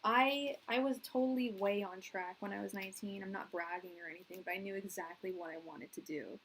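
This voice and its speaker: A woman's voice: medium pitch, fairly even intonation, fairly quick, a bit bright, low-quality recording. This is a woman in her thirties doing a live tarot reading in a rambling, earnest way. She restarts her sentences and fills them with "like" while she talks to viewers. A faint background noise sits under her voice. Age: 30s. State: tearing up. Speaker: tarot reader.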